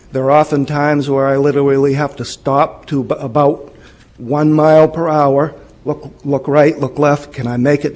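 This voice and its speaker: A man, a local resident, making a measured, plain-spoken complaint during public comment at a city council meeting. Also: mid-range voice, darkish tone.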